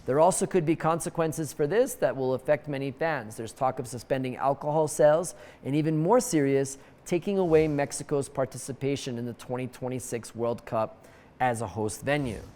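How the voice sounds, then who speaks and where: A man's voice: medium pitch, darkish tone, long reverb tail. A man hosting a comedic news show, reading the stories with wry, jokey asides. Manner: wry, jokey asides with quick put-on voices.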